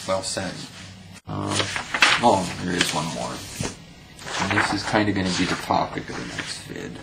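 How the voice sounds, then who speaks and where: A man's voice: sits low, sing-song, normal speed, vocal fry, pauses often, noisy background. A young man from the United States reading out viewer comments in a blunt, profane commentary vlog, often stumbling and restarting.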